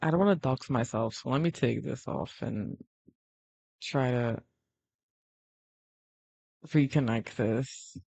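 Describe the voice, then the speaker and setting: A woman's voice: rumbling low, slow, gravelly, long pauses, darkish tone, husky, dry recording. A woman chatting casually on a drawing livestream, self-deprecating and easily exasperated when things go wrong. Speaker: art livestreamer.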